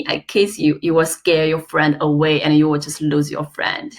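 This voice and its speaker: A woman teaching an online lesson, slow and clear, with playful examples. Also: low voice. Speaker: Chinese teacher.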